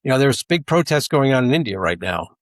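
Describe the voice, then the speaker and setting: A man's voice: mid-range voice, big pitch swings, a little fast, no room sound. A man co-hosting a podcast, talking in a rambling, casual way with asides and restarts. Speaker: podcast co-host, intelligence analyst.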